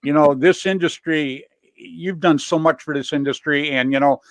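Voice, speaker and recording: A man hosting a casual online show, rambling and laughing as he gives shout-outs to friends. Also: a little high, moderate pace, dry recording. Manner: rambling, laughing, swears freely. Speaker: host. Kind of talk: casual chat.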